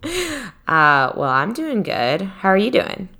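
A woman's voice: mid-range voice, big pitch swings, takes it slowly, bright, forceful tone. A woman hosting a podcast, chatting casually with her co-host, laughing often and teasing. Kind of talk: casual chat.

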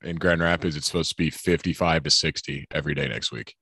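A man's voice: rumbling low, fast, sharp tone, slightly rough, no room sound, clean studio sound. A young man co-hosting a casual podcast, chatty and curious, asking questions and teasing his co-host. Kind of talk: casual chat.

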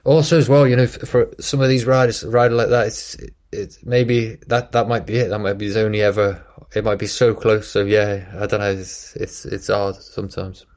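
Low-voiced man musing on racing. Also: level tone, normal speed, few pauses, darkish tone. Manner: thinking aloud, repeating and restarting phrases. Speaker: guest, breakaway rider. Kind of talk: casual podcast interview.

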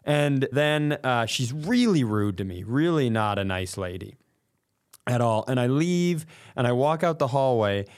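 A man's voice: mid-range voice, a little slow. Coughing middle-aged man telling stories. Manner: animated, breaks into laughter, acts out quotes. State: sick with a cough. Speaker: podcast co-host. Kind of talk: casual comedic storytelling.

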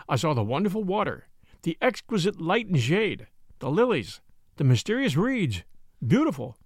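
A man voicing a grave, kindly older art professor who speaks with measured fervor. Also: high-pitched, no room sound, studio quality, full character voice. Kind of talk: audiobook character voice.

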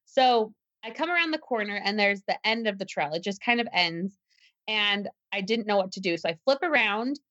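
Woman guest for an interview, bright and sharp in tone, earnest storyteller, slightly dull recording. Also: medium pitch, lively intonation, normal speed, dry recording. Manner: earnest, tense retelling with restarts. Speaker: guest, self-defense teacher. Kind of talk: personal story told in an interview.

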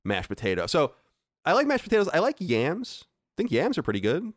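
Animated ranting man, dry sound. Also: on the high side, fairly quick, no echo. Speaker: podcast host. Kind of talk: casual chat.

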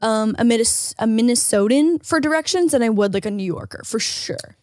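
A young adult woman co-hosting a podcast, chatting casually, excitable and gushing, laughing often. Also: fairly high pitch, normal speed, dry recording, clean studio sound. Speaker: podcast co-host. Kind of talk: casual chat.

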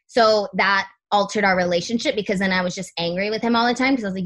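Young woman, podcast guest, candid casual talk, lots of fillers, mid pitch. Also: fast, fairly bright tone. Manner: candid, frequent "like" fillers, swears.

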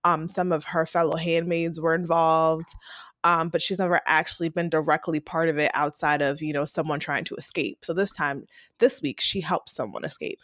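A woman hosting a podcast in casual chat, her voice hoarse and worn down, talking with many fillers and soft laughs. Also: low-pitched, normal speed, no echo, clean studio sound. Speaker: podcast host.

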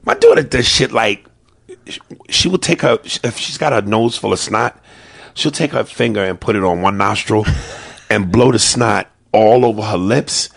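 Gravelly, husky New York comedian. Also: male voice, fairly low pitch, dry recording. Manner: loud, profane, acts out family members in quick voices. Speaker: stand-up comedian. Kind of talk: stand-up storytelling.

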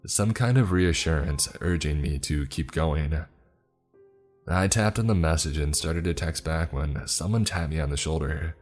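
Man reading a first-person story, super deep voice, steady and even, soft music playing under it. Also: unhurried.

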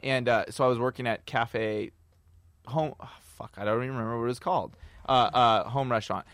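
A man co-hosting a podcast, telling crude stories in a casual, animated way. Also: medium pitch, a little fast, dry recording. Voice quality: animated storyteller, laughs often. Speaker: podcast co-host.

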